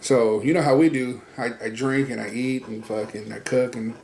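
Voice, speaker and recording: A man's voice: medium pitch, fairly even intonation, moderate pace, gravelly, a little mellow, a little hiss or hum. A man casually telling a story to friends, swearing freely and acting out friends' lines in a raised voice. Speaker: podcast co-host. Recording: roomy echo.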